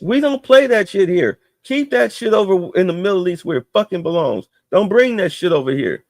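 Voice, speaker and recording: Gravelly man ranting, profane and heated. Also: high voice, animated, a little fast, a little mellow, dry recording, clean studio sound. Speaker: streamer. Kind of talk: ranting political commentary.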